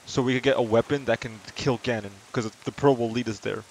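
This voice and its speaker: A man's voice: medium pitch, steady tone, brisk, vocal fry, hardly any pauses, faint music behind. A man streaming a game from home, chatting casually and reading the characters' dialogue aloud in a self-deprecating way.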